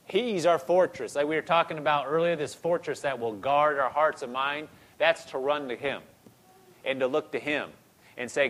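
A man's voice: a little high, moderate pace, fairly bright tone. Man preaching an emphatic sermon. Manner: conversational preaching with rising emphatic bursts and repetition.

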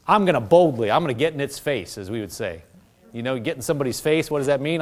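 This pastor talks fast in a voice on the high side, preaching with energy and leading call-and-response. His manner is conversational, with frequent asides.

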